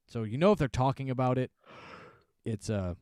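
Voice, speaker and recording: A man co-hosts a podcast and recaps wrestling shows in loose, rambling, sarcastic chat. His voice is mellow and dark, recorded dry and close. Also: mid-range voice, lively intonation, moderate pace, smooth, no echo. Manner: rambling, sarcastic, acts out wrestlers' shouted lines. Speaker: podcast co-host.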